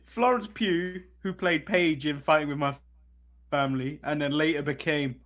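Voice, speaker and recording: A man's voice: fairly high pitch, normal speed, a bit bright. A young Englishman with an English accent, co-hosting a casual wrestling chat show and laughing often. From England. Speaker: podcast co-host.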